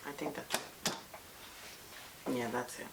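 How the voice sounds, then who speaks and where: A woman's voice: a bass voice, measured pace. A young woman beauty vlogger gushing playfully through a casual unboxing at home, talking to her viewers. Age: young adult. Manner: gushing and playful, calls viewers "you guys". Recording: steady background noise and clicks.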